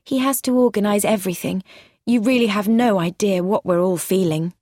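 A woman's voice: mid-range voice, fairly quick, darkish tone, no echo, clean studio sound, natural voice. A woman voicing a proper, prim woman of the house in a read-aloud story.

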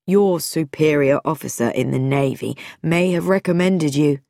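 A woman's voice: sits low, normal speed, creaky, mellow, dry recording, clean studio sound. A woman voicing a stern, pompous older vicar who lectures his son in formal, lecturing speech in a storybook reading.

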